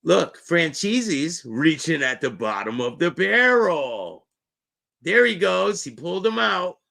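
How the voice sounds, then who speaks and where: A male host with a gravelly voice heckles the clip he is playing, drawing out his words slowly. His delivery swings widely in pitch as he mocks and needles. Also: sing-song, sharp tone. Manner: mocking, heckling. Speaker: show host. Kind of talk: reacting to a played clip.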